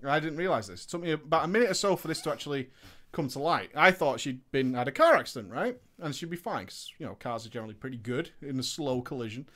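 A man recounts a personal story in casual chat. His voice sits a little high and swings widely in pitch. He sounds indignant and swears freely. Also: very animated, fast, fairly bright tone.

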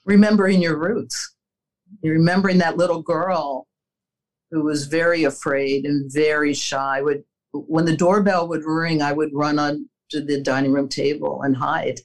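A woman's voice: low-pitched, steady tone, a little slow, poor audio. An older woman answering interview questions, telling personal stories in an earnest way, with small laughs and restarts. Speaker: interview guest, former executive.

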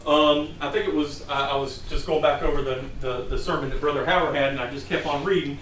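A man's voice: on the high side, fairly even intonation, quick pace, a bit bright, slight background noise. A middle-aged man preaching a sermon in a conversational, storytelling way, from a distant mic in a church hall.

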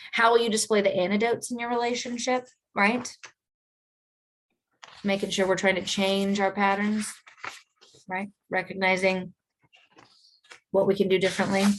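A woman hosting a podcast alone, talking casually about relationship habits, often adding "like" and "right?", with her voice rising for emphasis. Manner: chatty, many "like" and "right?" tags; lively, jumps up in pitch for emphasis. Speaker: podcast host, therapist educator. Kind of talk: casual educational monologue.

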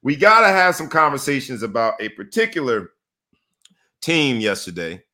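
A man hosting a casual sports talk show, emphatic and animated, repeating phrases for effect. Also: a little high, a little fast.

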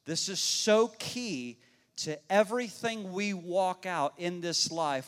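A man's voice: high voice, slow pace. A male pastor delivering a sermon, telling a neighborhood story in a folksy, conversational way and speaking directly to his congregation. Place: church sanctuary. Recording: long reverb of a church hall.

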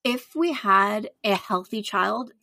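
A woman in casual podcast conversation, talking in a relaxed, reflective way. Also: mid-range voice, slow, vocal fry, no room sound, clean studio sound. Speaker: mother of a child with a heart condition.

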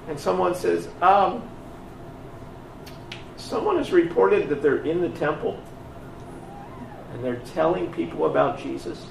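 Slow, gravelly-voiced preacher in echoey room. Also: male voice, high voice, far from the mic, background noise. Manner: slow, emphatic storytelling with voiced dialogue. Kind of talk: sermon. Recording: echoey room picked up from afar.

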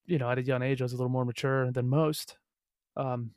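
A man's voice: medium pitch, little pitch movement, fairly quick, darkish tone, no echo, studio quality. A young man hosting a podcast in casual chat, rambling with plenty of fillers and laughing often. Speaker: podcast host.

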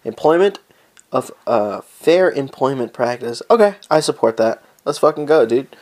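A man hosting a casual solo podcast from home. He talks in a loose, rambling way, swears freely, jokes as he goes and keeps wandering off topic. His voice sits at an ordinary pitch for a man. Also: animated, normal speed, a little mellow. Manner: rambling, profane, joking, easily sidetracked. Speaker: podcast host.

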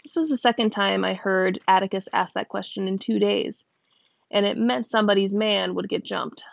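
A woman reading a novel aloud, lifting her pitch a little for the characters' lines, at times stopping to check how a word is said. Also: normal speed, vocal fry, no echo. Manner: voices characters with small pitch lifts; stops to check a word's pronunciation and laughs. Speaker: reader. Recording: dull, dry close recording.

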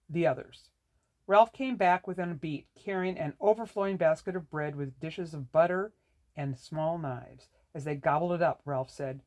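Measured audiobook narrator. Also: mid-range voice, darkish tone. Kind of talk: scripted narration.

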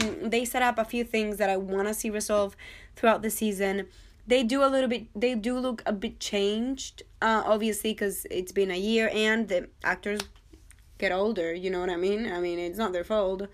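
A young woman in her twenties hosts a casual TV review podcast. She is chatty and excitable, jokes around and addresses her listeners directly as if they were guests at a party. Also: medium pitch. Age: 20s. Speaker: podcast host.

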